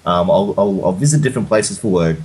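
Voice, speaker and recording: A man's voice: deep voice, brisk, darkish tone, a little hiss or hum, poor audio. A man from Sydney with an Australian accent, co-hosting a casual tech chat podcast and often restarting his sentences. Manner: repeats and restarts words often, says "mate" and "man". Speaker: podcast co-host.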